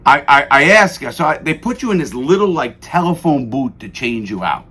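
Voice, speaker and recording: A middle-aged man telling prison stories on a radio show, profane and animated, cursing freely. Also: on the high side, moderate pace, breathy edge. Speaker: guest. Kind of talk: radio interview storytelling.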